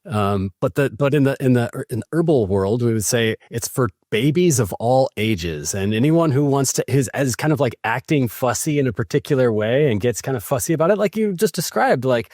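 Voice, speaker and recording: A man's voice: medium pitch, animated, a little fast, hardly any pauses, darkish tone, no room sound, studio quality. A man, an herbalist, speaking thoughtfully in a casual podcast conversation, often restarting and saying "like.". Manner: thoughtful, repeats himself, says "like" a lot. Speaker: herbalist, guest.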